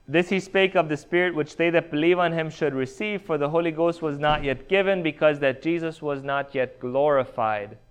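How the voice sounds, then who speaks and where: Smooth-voiced man preaching a sermon. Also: a little high. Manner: deliberate, asks the listeners rhetorical questions. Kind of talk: expository sermon.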